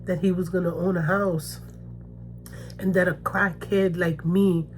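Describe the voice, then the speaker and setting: A woman's voice: lowish voice, fairly even intonation, unhurried, faint music behind. A woman from the Bronx, telling a personal story to camera in casual vlog talk, emphatic and repetitive, checking in with "okay?" and "you know what I mean?". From the Bronx, New York. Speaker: mukbang vlogger.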